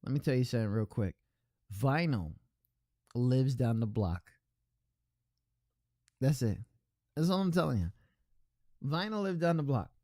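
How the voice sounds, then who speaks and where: A man hosting an online radio stream in casual chat, rambling along and reading out chat messages with shout-outs. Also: mid-range voice, dry recording, clean studio sound.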